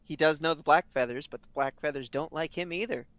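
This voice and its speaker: A man's voice: fairly high pitch, a little fast, a bit bright, no room sound. A man chatting casually as a player in a tabletop game, wry and offhand.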